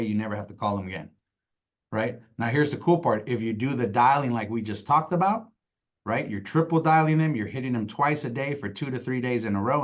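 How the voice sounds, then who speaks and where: A man with young kids, giving an energetic, casual sales training talk, acting out phone calls and often asking "right?". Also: medium pitch, highs cut off. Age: adult with young kids. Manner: energetic, acts out calls in quoted voices, keeps asking "right?".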